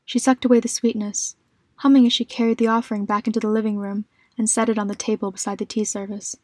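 A woman narrating a short horror story in a calm, measured, scripted reading. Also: mid-range voice, no room sound, clean studio sound.

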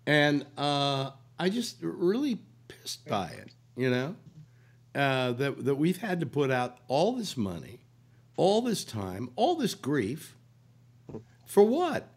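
An older man hosting a talk show, hoarse with a cold, rambling in casual talk with many restarts. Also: medium pitch, big pitch swings, takes it slowly. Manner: rambling, full of restarts and "you know". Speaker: radio talk host.

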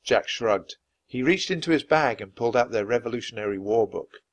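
A man reading a children's chapter book aloud clearly and expressively for language learners. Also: mid-range voice, animated, brisk, dry recording. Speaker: storybook reader.

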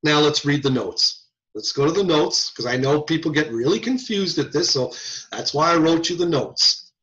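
Animated lecturing man, muffled recording. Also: fairly high pitch, normal speed. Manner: animated, rhetorical questions to students. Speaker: audiology lecturer. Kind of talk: classroom lecture.

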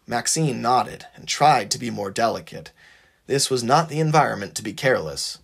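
A narrator reading a fan-written story aloud in an expressive, animated way. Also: mid-range voice, moderate pace, creaky, breathy edge.

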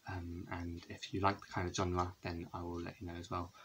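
Young man, lowish voice, casual home vlog, rambling, many fillers, faint noise behind. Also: completely flat delivery, fairly quick. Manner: rambling, chatty, many fillers and self-corrections. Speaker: vlogger. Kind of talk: casual video showing his CD collection. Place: indoors, a room at home with a window.

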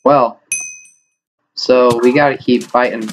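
Young male gaming streamer, mid-range voice, excitable self-deprecating play-by-play, noisy desk recording with mouse clicks. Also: medium pitch, slow pace. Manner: excitable, self-mocking, exclaims often. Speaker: gaming YouTuber. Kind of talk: live gameplay commentary.

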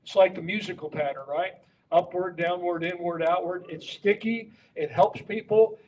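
A man with a high, slightly mellow voice gives a conference talk to pastors in a room with an audience. As a pastor and prayer coach, he speaks emphatically, teaching through patterns and rhetorical questions. The low-quality recording comes from a distant mic with a little hiss or hum.

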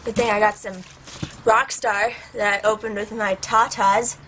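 A woman's voice: medium pitch, level tone, unhurried, sharp tone, a little hiss or hum. A young woman vlogging in a playful, joking, goofy way. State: out of breath. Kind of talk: casual comedic vlog.

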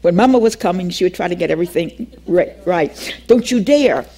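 Older woman telling a lively testimony. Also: on the low side, quick pace. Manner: animated storytelling, acts out dialogue, laughs often. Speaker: Bible teacher. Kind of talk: teaching class with personal testimony.

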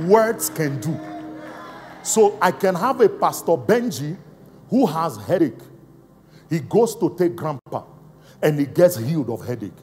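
A man preaching a live Pentecostal sermon as apostle, emphatic, calling out questions to the congregation and swinging between shouts and hushed, slow emphasis. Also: fairly high pitch. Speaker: apostle and senior pastor. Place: large church auditorium. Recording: live church hall reverb with faint music.

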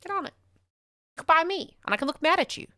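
A woman with an Australian accent chatting on a livestream, rambling and excitable, swearing often as she talks to her chat. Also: very high voice, quick pace, no echo, clean studio sound.

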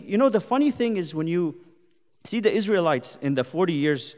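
A man's voice: sits high, sing-song, normal speed, darkish tone. A man teaching a youth Bible study as a sermon, impassioned, firing rhetorical questions and speaking God's pleas in first person. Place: church hall. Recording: long hall reverb.

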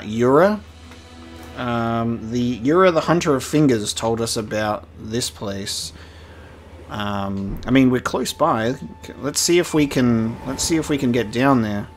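A man chatting playfully as he commentates a video game he is playing for the first time. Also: medium pitch. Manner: chatty, playful, laughing asides. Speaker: gaming streamer. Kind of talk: let's-play commentary.

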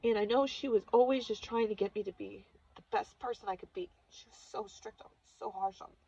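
A woman in her thirties shares a personal story in an emotional, confessional way. Her voice has a gravelly fry and a breathy, husky edge. The recording sounds dull and lo-fi. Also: mid-range voice, brisk, dark tone. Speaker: vlogger.

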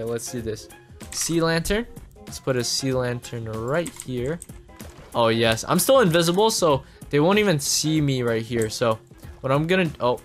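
Excitable man narrating his gameplay. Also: mid-range voice. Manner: excitable, talks straight to viewers. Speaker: gaming channel host. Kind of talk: Minecraft gameplay commentary.

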